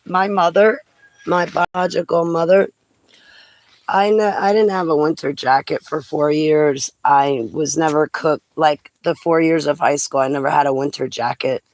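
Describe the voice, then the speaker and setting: A middle-aged woman from New Jersey, telling stories in a chatty vlog, breaking into lively exclamations and laughs. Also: low-pitched, moderate pace, no echo, low-quality recording. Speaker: vlogger. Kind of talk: casual storytelling chat.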